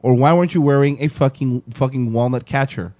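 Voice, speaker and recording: A man's voice: mid-range voice, darkish tone, no echo. Crude, teasing male podcast host. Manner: teasing, crude, quick with jokes. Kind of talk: casual podcast chat.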